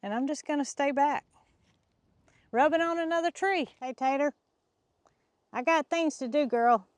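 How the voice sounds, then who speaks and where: A middle-aged woman, chatting excitedly to viewers in a vlog while walking in a pasture, a little out of breath. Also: high-pitched, no room sound. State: slightly out of breath. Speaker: farm vlogger. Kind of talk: casual vlog narration. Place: outdoors in a pasture.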